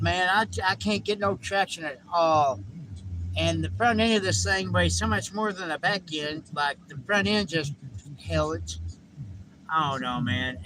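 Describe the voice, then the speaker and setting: A man's voice: fairly high pitch, background noise. A man, livestreaming in a loose, rambling way, cussing casually and repeating himself, talking from inside a vehicle. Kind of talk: casual live stream chat.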